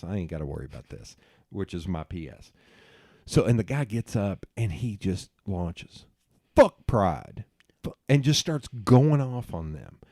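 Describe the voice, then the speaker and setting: A middle-aged man hosts a casual podcast chat, telling long stories with a lot of swearing. His voice is low and mellow. The sound is dry and close. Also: dry recording. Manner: animated storyteller, swearing, laughing at himself. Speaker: podcast host.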